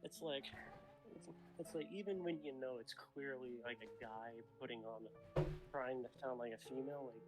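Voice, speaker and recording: A man's voice: mid-range voice, moderate pace, loud music behind the voice, rough recording. A man who narrates stories, chatting casually as a guest and filling his talk with "like.". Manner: fillers, lots of "like". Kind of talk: casual chat on a live stream.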